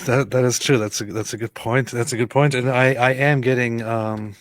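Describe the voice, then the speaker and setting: A man hosts a relaxed livestream, rambling and joking as he reads viewer comments aloud. His voice sits at a middling pitch, recorded close and dry with no room sound. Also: normal speed, no room sound. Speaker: host. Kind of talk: casual livestream chat.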